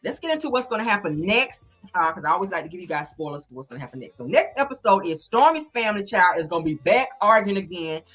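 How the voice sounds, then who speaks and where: A woman's voice: fairly low pitch, sing-song, fast, few pauses, a bit bright, husky, faint music behind. A woman hosting a casual live-stream recap, talking straight to her viewers in a blunt, profane and sassy way. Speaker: reality show reviewer on a live stream.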